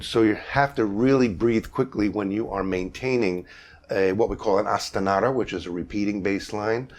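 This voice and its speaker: An older man with a fairly low voice leads a vocal jazz masterclass. He explains at an easy pace, pausing on fillers, then breaks into sung bass syllables to show each technique. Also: soft background music. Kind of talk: masterclass lesson with sung demonstrations.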